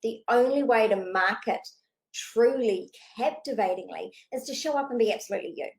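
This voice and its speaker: Woman business coach, slightly high voice, rapid animated unscripted delivery, casual and cheeky. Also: poor audio. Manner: fast-talking, animated, casual with swearing. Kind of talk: unscripted direct-to-camera coaching talk.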